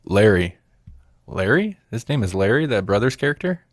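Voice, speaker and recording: A man's voice: on the low side, sing-song, normal speed, no room sound, studio quality. A man co-hosting a movie review podcast, chatting casually and rambling, laughing often. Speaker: podcast co-host.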